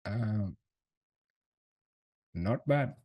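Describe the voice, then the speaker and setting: Low husky man chatting casually. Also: lively intonation, extremely slow, muffled recording. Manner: slangy, swears, laughs often, thinks aloud. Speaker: trader streaming his chart analysis. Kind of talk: casual livestream chat. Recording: voice from a distant mic.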